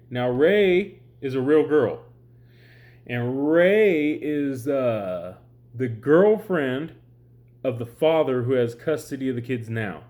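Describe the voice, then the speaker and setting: A man's voice: mid-range voice, a little mellow. An exhausted, sleep-deprived man ranting in a rambling, exasperated way to his viewers, swearing often. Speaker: online commentator. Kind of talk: heated vlog rant.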